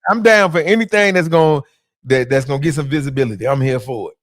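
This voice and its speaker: Laid-back joking comedian, dry sound. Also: male voice, fairly high pitch, quick pace, no room sound. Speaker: comedian guest. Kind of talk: casual interview chat.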